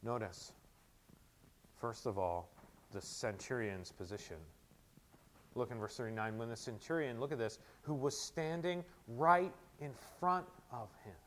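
A man preaching a sermon, moving between quiet, close teaching and loud, emphatic proclamation. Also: medium pitch, a little slow, slight background noise. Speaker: pastor.

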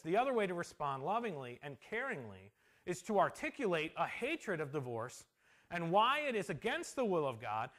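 Animated high-voiced male pastor preaching. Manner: storytelling, animated, drops to a soft hush for emotional parts. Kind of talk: sermon.

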